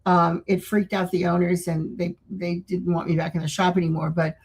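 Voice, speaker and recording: Animated woman telling spooky stories. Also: lowish voice, moderate pace, breathy edge, poor audio. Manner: animated storyteller, laughs often, acts out quotes. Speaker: podcast co-host. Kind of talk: casual storytelling chat.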